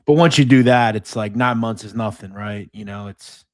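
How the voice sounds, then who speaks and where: A man interviewing a guest in a relaxed conversation, quick to agree and encourage. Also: fairly low pitch, no echo, clean studio sound. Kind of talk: casual interview.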